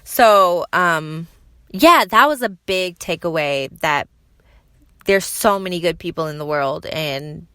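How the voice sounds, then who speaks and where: A young woman hosting her own podcast, chatting casually with lots of fillers and lively quoted voices. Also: lowish voice, slow pace, clean tone, no echo. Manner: chatty, lots of fillers, animated when quoting people. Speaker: podcast host. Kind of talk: casual solo podcast chat.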